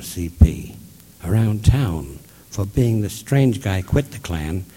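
A man tells a story in a husky, low voice. His tone is dark and mellow. He retells it with life, often dropping into the voices of the people he describes. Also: long reverb tail. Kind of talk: spoken storytelling talk.

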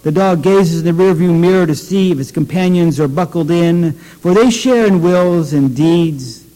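A man giving a poetry reading, wry and measured, with offhand asides between poems. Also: fairly high pitch, mellow. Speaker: poet. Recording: long hall reverb.

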